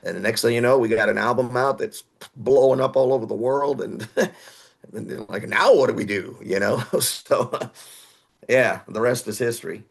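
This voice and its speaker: A podcast guest, this musician from Houston, Texas speaks at a normal pace in a mid-range voice with vocal fry. His casual interview storytelling rambles, and at times he acts out other people's voices.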